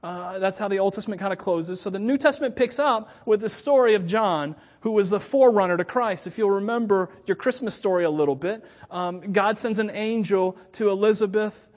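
A woman's voice: medium pitch, fairly quick, hardly any pauses, a little mellow. A woman pastor giving a sermon in a casual, chatty way, with laughing asides. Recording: long reverb of a church hall.

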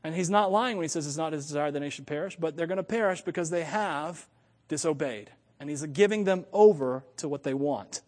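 Animated high-voiced man preaching in a hall. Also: brisk. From United States. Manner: animated, self-correcting, thinks aloud. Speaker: pastor. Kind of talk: sermon.

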